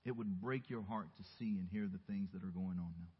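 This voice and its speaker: A man from the Southern US preaches a sermon with earnest storytelling, easing into soft reflective asides. His voice sits low and has a husky edge. The recording is muffled and carries the long reverb of a church hall. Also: fairly quick. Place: church sanctuary.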